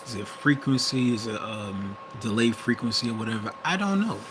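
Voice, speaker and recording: A man's voice: fairly low pitch, lively intonation, normal speed. A young man from the US Midwest with a Wisconsin accent, talking in a hesitant, rambling monologue full of restarts and self-corrections. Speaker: vlogger. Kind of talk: casual monologue. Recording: vehicle noise in the background.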